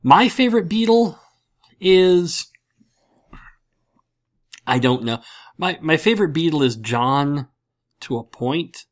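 A man's voice: on the high side, expressive, takes it slowly, long pauses. A man hosting a casual podcast, rambling and self-mocking, with lots of fillers. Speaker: podcast host.

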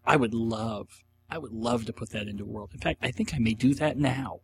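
A man's voice: mid-range voice, fairly quick, creaky, very noisy. A middle-aged man hosting a casual solo podcast, answering listener questions in a rambling, enthusiastic way with rhetorical asides.

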